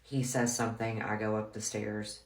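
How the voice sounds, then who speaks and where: She has a bass voice that barely moves in pitch and keeps a moderate pace. As a storyteller vlogger, this woman tells a personal story casually, frankly and bluntly, with lots of "like." A roomy echo colors the audio.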